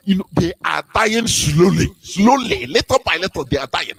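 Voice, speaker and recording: A man's voice: high-pitched, very animated, moderate pace, vocal fry, a bit bright, breathy edge, rough recording. A man, giving a fervent radio talk full of rhetorical questions and sing-song rises. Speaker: radio broadcast speaker. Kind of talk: impassioned preaching talk.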